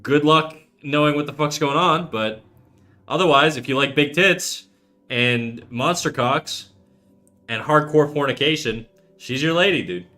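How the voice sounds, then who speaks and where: Male streamer, 30s, slightly high and very bright tone, relaxed and profane chat-reading delivery. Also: unhurried. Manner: profane, laid-back, reads chat aloud. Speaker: art livestreamer. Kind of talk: casual livestream chat.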